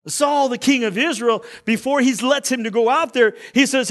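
A male pastor preaching a sermon, dramatic, swinging between loud emphasis and quiet asides. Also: very high voice, moderate pace.

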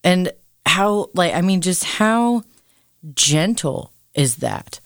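A mid-pitched podcast co-host explains ideas thoughtfully and at length, dropping in quick asides. The voice is close on the mic in a dry room. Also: lively intonation, a bit bright, dry recording. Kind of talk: casual faith discussion.

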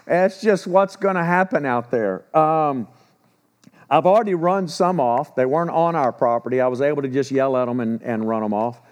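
A man's voice: on the high side, animated, normal speed. Folksy storytelling preacher man. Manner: folksy storytelling with rhetorical questions. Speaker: pastor. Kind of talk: sermon.

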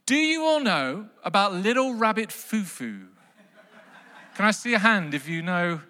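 A man preaching a lively sermon to a congregation, telling a children's story with big bursts of mock outrage. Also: sits high, moderate pace. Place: large hall with long reverb. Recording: live sermon in a reverberant hall.

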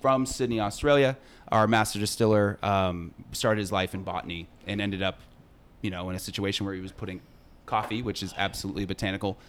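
A man guest on a podcast, talking casually and upbeat, joking with puns and giving a quick product pitch. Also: fairly even intonation. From San Diego. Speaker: brand ambassador guest.

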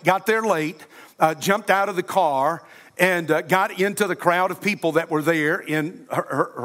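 A man's voice: a little high, fairly bright tone. Earnest preacher man making an altar call. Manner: earnest, storytelling, pleading invitation. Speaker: pastor. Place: church sanctuary.

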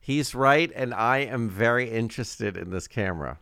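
A man's voice: mid-range voice, expressive, creaky, sharp tone, clear, resonant tone, no room sound, studio quality. A man co-hosting a casual talk show, reacting eagerly and adding his own views. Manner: enthusiastic, quick reactions. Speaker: podcast co-host. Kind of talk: casual chat.

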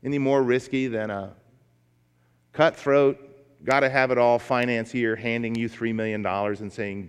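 A pastor preaches to his congregation, his man's voice pitched in an ordinary middle range. He moves from emphatic exhortation into folksy storytelling. The sound carries a long reverb, as if in a large church sanctuary. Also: fairly even intonation, moderate pace, clean tone. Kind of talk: sermon.

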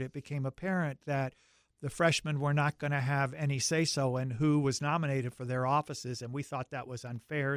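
A man's voice: mid-range voice, clear, resonant tone, no echo, studio quality. An older man from the American South with a Southern accent, telling his life story in an oral history interview, reflective and given to restarts.

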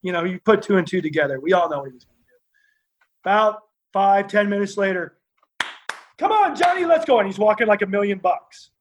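A man telling lively stories as a guest, acting out the other people in his tales. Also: sits high, fast talker, poor audio. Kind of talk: animated anecdotal storytelling.

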